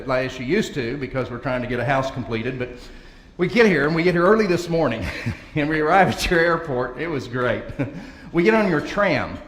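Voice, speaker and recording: A man's voice: fairly high pitch, fairly bright tone. A man giving a humorous banquet speech as a motivational speaker, telling folksy stories and chuckling often. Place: large banquet hall. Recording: echoey hall recording with faint ambience.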